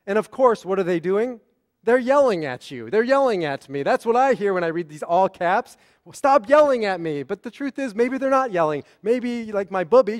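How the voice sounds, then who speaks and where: A man, a rabbi, preaching a sermon in a conversational way, often checking in with the congregation. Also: on the high side. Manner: conversational, often asks "right?".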